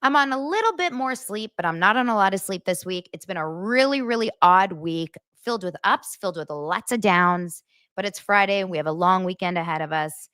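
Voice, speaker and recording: A woman's voice: mid-range voice, lively intonation, a little fast, a bit bright, clean tone, no echo, studio quality. A woman hosting a casual gossip podcast, reading viewer comments and laughing and gushing over them.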